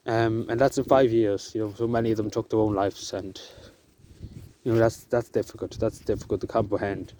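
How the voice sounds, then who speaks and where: Halting, emotional man outdoors. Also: on the low side, flat delivery. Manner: halting, with many fillers and restarts; soft-spoken and emotional. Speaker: vlogger. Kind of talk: emotional outdoor vlog talk. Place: outdoors in the countryside. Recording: outdoor noise in the background.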